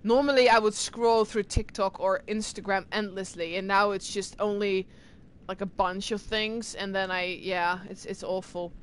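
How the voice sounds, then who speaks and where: A woman streamer chatting casually with her live viewers, excitable and talkative as she answers chat. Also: mid-range voice, normal speed, a little hiss or hum. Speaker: game streamer.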